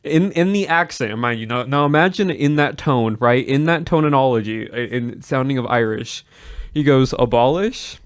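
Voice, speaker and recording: A man's voice: mid-range voice, moderate pace, clean tone, no echo, clean studio sound. A man streaming and chatting casually to his viewers, rambling with many restarts and chuckles.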